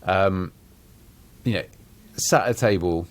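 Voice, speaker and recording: A man's voice: sits low, animated, fairly quick. A man co-hosting a podcast in casual chat, acting out example sentences with shifting emphasis. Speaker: podcast co-host.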